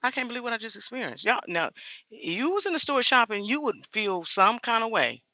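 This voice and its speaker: A woman's voice: on the high side, big pitch swings, brisk, pushed and bright, no echo. A woman talking straight to her viewers in a casual vlog, blunt and indignant. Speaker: vlogger.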